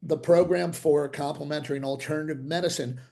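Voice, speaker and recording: A man's voice: a little high, brisk, vocal fry. An older man, a dentist, telling stories animatedly in an interview over a video call, with frequent restarts. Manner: animated, acts out quoted voices, frequent restarts. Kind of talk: interview storytelling.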